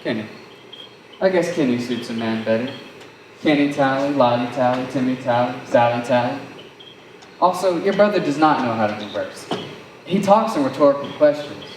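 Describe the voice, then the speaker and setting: A teen actor as a wordy, sardonic young suitor on a school stage. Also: male voice, mid-range voice, lively intonation, moderate pace, lightly acted. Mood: storytelling. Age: teens. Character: fast-talking self-assured young man courting. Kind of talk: high school stage play. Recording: roomy, distant mic, faint noise.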